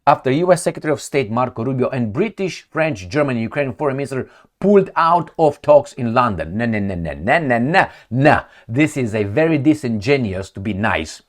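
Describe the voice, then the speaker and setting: A man's voice: medium pitch, animated, brisk. A man giving opinionated commentary on news headlines, mocking and emphatic, often repeating himself for effect. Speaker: political commentator.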